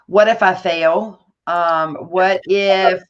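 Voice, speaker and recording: Animated woman telling her story. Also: lowish voice, extremely slow, dull audio. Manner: animated storytelling, many fillers and restarts. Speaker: guest entrepreneur. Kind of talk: conversational interview.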